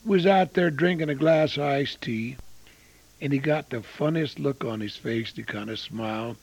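A man in his eighties preaching a storytelling sermon, swinging between loud exclamations and hushed asides. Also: medium pitch, moderate pace, gravelly, slightly rough, low-quality recording. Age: 80s.

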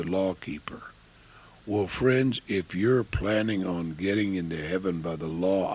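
Older male preacher, gravelly, slow folksy sermon with sudden loud peaks and hushed drops. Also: lowish voice.

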